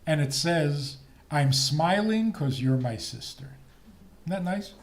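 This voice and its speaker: Older guy rabbi giving a talk, slow, voice swings up and down a lot. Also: on the high side. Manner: lively, teasing, slow deliberate delivery with laughs. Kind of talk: recorded talk on faith and marriage.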